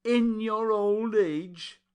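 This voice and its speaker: A man voicing a weary older woman who talks in a slow, sorrowful way. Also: mid-range voice, animated, voice pushed up. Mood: melancholy.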